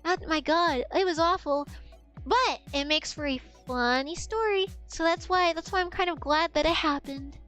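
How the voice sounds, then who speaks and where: A young woman streamer telling an animated, profane story in casual chat. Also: very high voice, normal speed, soft background music.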